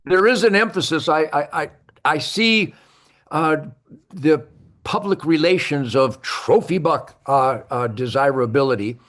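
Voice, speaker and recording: An older man, a podcast guest, telling hunting stories with emphasis, repeating words and acting out his own shouts. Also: a little high, a little slow. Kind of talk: animated hunting storytelling.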